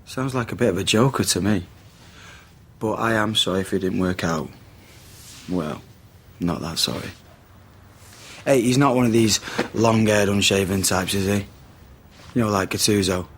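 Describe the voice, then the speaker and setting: A man playing a soap opera character on a phone call, wry and gruffly teasing. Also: fairly low pitch, normal speed, a little hiss or hum, natural voice. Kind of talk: TV drama acting, phone call.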